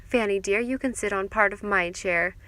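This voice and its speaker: A woman's voice: medium pitch, moderate pace, bright, forceful tone, natural voice. A woman voicing a gushing, snobbish society mother who talks in an affected, effusive way.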